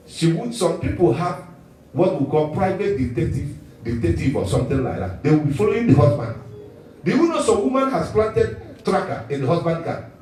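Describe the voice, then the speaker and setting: Animated, chuckling male preacher in an echoey hall. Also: on the high side, normal speed, a little hiss or hum. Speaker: pastor. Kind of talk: sermon. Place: church hall. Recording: echoey church hall, mic at a distance.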